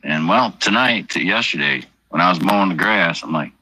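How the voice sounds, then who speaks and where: Solo livestreamer, rambling and crude, fairly low voice with a bright, cutting edge. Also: male voice, animated, fairly quick, husky, no echo, low-quality recording. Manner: rambling, heavy swearing, offhand. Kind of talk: casual late-night livestream chat while drinking.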